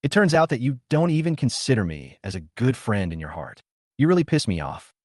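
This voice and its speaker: A man's voice: medium pitch, sing-song, a little fast, no room sound, clean studio sound. A man voicing an indignant young male student who is easily riled and complains in a huffy way.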